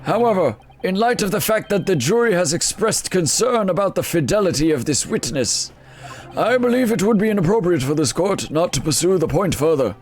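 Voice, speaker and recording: A man doing a pompous old judge in a game, high-pitched and deliberate, weighing every long formal sentence. He sounds measured and officious. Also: sing-song. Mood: stern.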